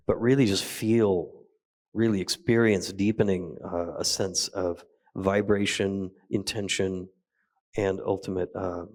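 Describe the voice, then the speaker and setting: Soft-spoken man teaching meditation. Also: sits low, gravelly. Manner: slow, gentle, with soft pauses. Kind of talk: guided meditation talk. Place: retreat hall.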